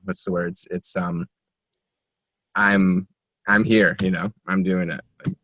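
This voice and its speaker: A man with a low voice speaks reflectively in a coaching session, pausing and searching for words. The recording is dry and dull, with a lo-fi edge. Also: flat delivery, dry recording. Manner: introspective, searching for words, soft laughs. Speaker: coaching client. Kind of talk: reflective conversation.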